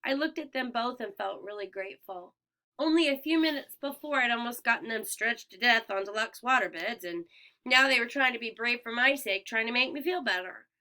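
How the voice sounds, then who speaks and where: A woman narrating a first-person audiobook in a clear, expressive storytelling manner. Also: a little high, brisk. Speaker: audiobook reader.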